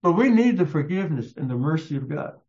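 A man preaching a sermon in a slow, emphatic storytelling manner. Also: very animated, a little mellow. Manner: slow, emphatic storytelling with raised-pitch quotes. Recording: echoey, muffled room sound.

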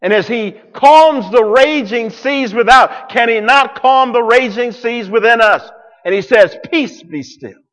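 A man preaching a sermon to a congregation, dramatic, swinging from loud declarations to hushed near-whispers. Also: extremely high pitch, a little slow, long reverb tail. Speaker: pastor.

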